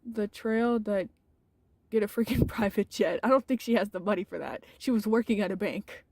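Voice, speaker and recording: A woman's voice: mid-range voice, moderate pace, darkish tone, no echo. A woman streamer chatting casually with lots of fillers while reading a game aloud into a close mic. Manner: rambling with many fillers.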